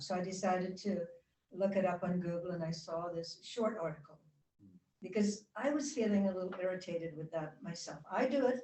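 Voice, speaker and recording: A woman giving a spiritual talk to a congregation, guiding them gently and chatting with the audience. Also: on the low side, a little fast, recorded from a distance. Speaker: guest speaker. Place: church hall. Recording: roomy hall sound from off-mic.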